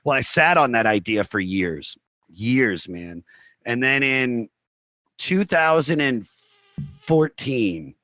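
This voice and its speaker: Bright-voiced comedian telling stories. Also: male voice, mid-range voice, no room sound. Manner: animated, fast anecdotes full of "like" and "you know"; acts out other people's remarks in his retelling. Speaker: comedian guest on a podcast. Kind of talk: casual storytelling in conversation.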